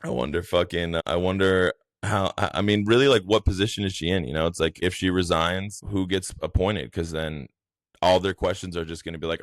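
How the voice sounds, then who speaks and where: A man's voice: sits low, steady tone, brisk, dry recording. A young man hosting a podcast, rambling and mocking in profane casual commentary. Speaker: podcast host.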